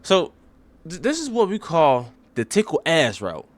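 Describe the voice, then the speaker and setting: Male comic host, rambling profane mock analysis, lively voice. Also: a little high, unhurried, no room sound. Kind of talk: comic sports breakdown.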